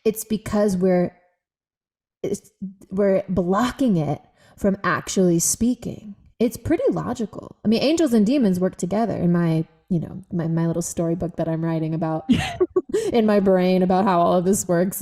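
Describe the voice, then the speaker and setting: A woman's voice: medium pitch, moderate pace, dark tone. A woman guest on a podcast interview, telling stories expressively, acting out inner voices and laughing often. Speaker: guest, movement practitioner.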